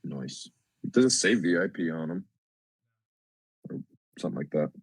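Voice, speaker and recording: A man's voice: sits low, expressive, moderate pace, husky, no echo. A man playing a tabletop game, laid-back and chatting casually at the table. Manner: laid-back, short reactions. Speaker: player.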